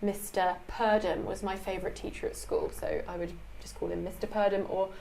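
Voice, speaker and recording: A British woman with a British accent, chatting thoughtfully and warmly about word usage. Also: mid-range voice, steady tone, brisk, vocal fry, slight background noise, low-quality recording. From Britain. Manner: friendly, thoughtful, giggly. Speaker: co-presenter. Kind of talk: explanatory chat.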